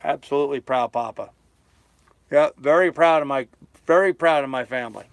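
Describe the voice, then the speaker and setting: A man's voice: medium pitch, brisk, creaky, clear, resonant tone, dry recording. An older man sailing on a small boat, chatting casually on a live stream as he reads out and answers viewer comments. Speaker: sailing vlogger. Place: aboard a small sailboat.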